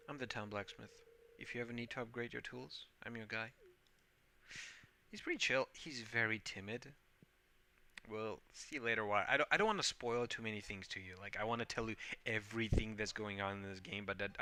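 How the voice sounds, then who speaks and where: A man's voice: on the low side, sharp tone, a little hiss or hum. A man giving casual game commentary in a rambling, hesitant and playful way, with a habit of saying "like". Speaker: gameplay host.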